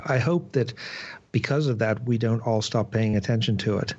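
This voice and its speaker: A man on a podcast panel works through his thoughts, restarting as he goes. His voice is husky. It comes through a muffled, lo-fi line. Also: medium pitch, moderate pace, darkish tone. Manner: stumbles and restarts while building a thought. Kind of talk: casual tech discussion.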